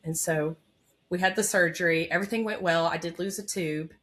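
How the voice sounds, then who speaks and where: This labor and delivery nurse, a woman in her thirties, talks fast in a lowish, steady voice with a slightly bright tone. Interviewed as a podcast guest, she relates an emotional story of her own in a candid, heartfelt way, using many fillers.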